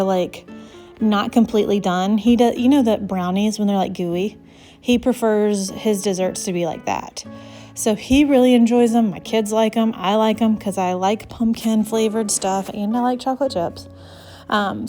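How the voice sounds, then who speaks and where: A warm, medium-pitched voice belongs to a young woman, a vlogger and mother of six, chatting over her home cooking footage. Slightly breathless, she rambles casually and fills her speech with fillers.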